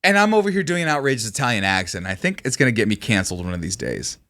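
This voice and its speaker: Animated man telling a funny story. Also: mid-range voice, very fast. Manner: animated storyteller, laughs often. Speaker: podcast co-host. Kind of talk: casual comedic chat.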